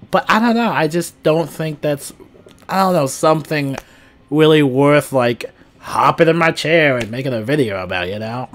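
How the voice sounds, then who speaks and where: A young man talks casually to his viewers about a game he plays. He rambles, piling up fillers and restarting his sentences. His voice sits at an ordinary, middle pitch. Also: fairly bright tone. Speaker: gaming YouTuber. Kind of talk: casual gaming news chat.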